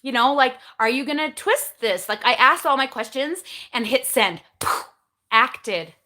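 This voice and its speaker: Bright, chatty woman in her forties. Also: high-pitched, animated, a little slow. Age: 40s. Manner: chatty and candid, asking herself questions and answering them; coaching tone, giving step-by-step advice. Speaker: keto vlogger hosting a live chat. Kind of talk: casual live-stream talk.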